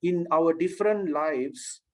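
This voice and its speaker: A man's voice: a little high, takes it slowly, darkish tone, poor audio. A man telling a spiritual story to a class, earnest, with frequent restarts and checks on his listeners. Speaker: spiritual teacher.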